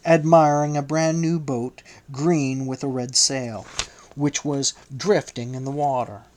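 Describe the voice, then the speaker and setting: Slow, measured male audiobook narrator. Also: mid-range voice.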